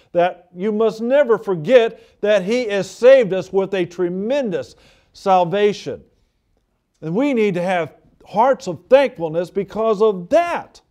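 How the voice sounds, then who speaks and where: A pastor preaches in a fervent yet conversational manner, circling back to press his points home. His voice sits high for a man. He talks directly to his flock, earnest and emphatic. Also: dark tone. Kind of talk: sermon.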